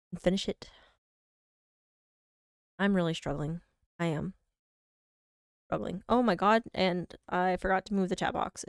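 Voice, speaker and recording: Young woman, game streamer, casual rambling chat, mock-whiny, gravelly voice. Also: lowish voice, no room sound, studio quality. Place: home.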